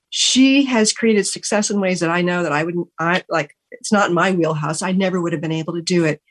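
A woman radio talk show host speaks with open gratitude. Her voice sits at a middling pitch, and her sentences often stop and restart as she searches for words. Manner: earnest, gushing and grateful, with many restarts. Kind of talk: heartfelt on-air thank-yous.

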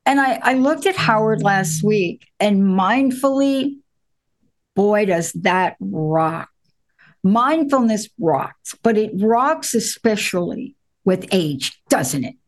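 Lively woman host, chatty storyteller who laughs easily. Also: mid-range voice. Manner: animated, laughing, storytelling with drawn-out emphasis. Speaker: show host. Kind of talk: conversational show interview.

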